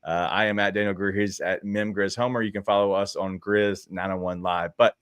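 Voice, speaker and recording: A man with a lowish voice talks through a basketball postgame in loose, rambling sentences, circling back and correcting himself. His voice sits close and dry on the mic with almost no room sound. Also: level tone, fairly bright tone, smooth, no echo. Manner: rambling, restarts and fillers, quick asides. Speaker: podcast co-host. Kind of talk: casual sports talk.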